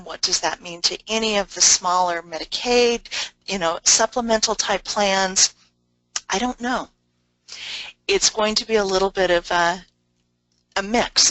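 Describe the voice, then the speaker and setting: A woman giving a webinar lecture on medical coding, explaining things briskly with asides and fillers. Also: mid-range voice, sharp tone, dry recording, rough recording.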